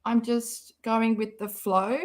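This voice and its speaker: A woman's voice: fairly high pitch, flat delivery, slow pace. A woman hosting a casual live stream, rambling and sarcastically mocking as she comments.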